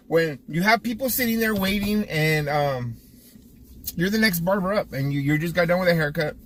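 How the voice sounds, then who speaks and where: A man's voice: high voice, a bit bright, a little hiss or hum. A man who owns a barbershop, talking casually to his viewers in a vlog with a Californian accent and a lot of repeated words and restarts, as if coaching younger barbers. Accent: Californian English. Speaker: barbershop owner and vlogger. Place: driving around town, then in his barbershop.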